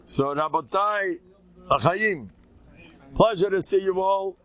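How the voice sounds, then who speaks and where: Animated older rabbi giving a class. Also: male voice, high-pitched, takes it slowly. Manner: animated, joking storyteller with rhetorical questions. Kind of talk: informal Torah lecture.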